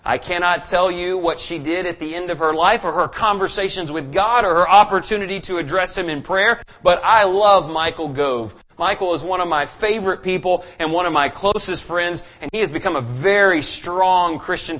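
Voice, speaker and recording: Preacher guy, kinda high voice, earnest storytelling sermon, gets fervent. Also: fairly bright tone.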